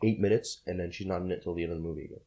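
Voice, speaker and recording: A young man co-hosting a podcast, chatting casually with friends, joking and trading quick banter. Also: low voice, steady tone, warm tone, muffled recording. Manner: joking, quick banter, slips into mock accents. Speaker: podcast co-host. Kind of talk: casual chat among friends.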